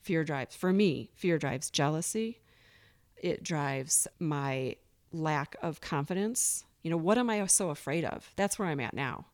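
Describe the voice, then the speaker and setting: On a recovery podcast, a female guest gives a candid interview in a low, slightly slow, somewhat mellow voice. She speaks earnestly and openly, at times acting out the thoughts she used to have.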